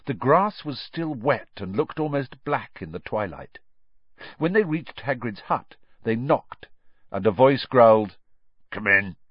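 Expressive male audiobook narrator. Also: mid-range voice, measured pace, breathy edge, dry recording. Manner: expressive, varied reading. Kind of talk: scripted storybook narration. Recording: dry, slightly dull audio.

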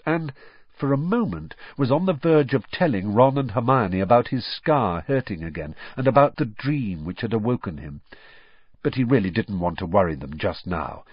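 An expressive male storybook narrator with a husky voice in a dull, muffled recording. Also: lowish voice, dry recording. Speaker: audiobook narrator. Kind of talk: scripted narration.

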